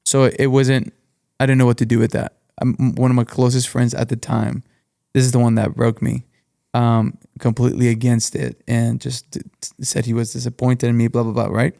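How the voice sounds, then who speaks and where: A young adult man, a pastor, sharing a story in casual conversation in a steady, reflective way. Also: mid-range voice, moderate pace, gravelly, no room sound, studio quality.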